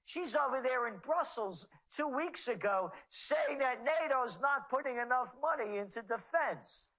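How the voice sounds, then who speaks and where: A man's voice: very high-pitched, expressive, unhurried, bright, forceful tone, low-quality recording. A man speaking as an interview guest, ranting in a sarcastic way.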